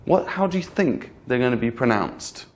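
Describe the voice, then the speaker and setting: A man teaching English pronunciation in a clear, patient lesson, repeating example words and checking in with the learner. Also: medium pitch, expressive, normal speed. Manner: patient, repeats each example word twice; addresses the learner directly with frequent "okay?". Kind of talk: slow, clear instructional lesson.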